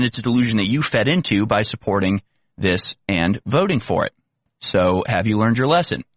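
A man's voice: mid-range voice, fairly bright tone, dry recording. A man hosting an opinion commentary show, ranting sarcastically and firing off rhetorical questions.

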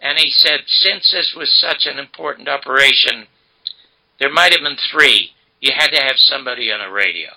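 Gravelly older man telling a story. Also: mid-range voice, moderate pace, sharp tone, rough recording. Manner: emphatic, dramatic retelling. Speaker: interview guest. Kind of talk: animated storytelling.

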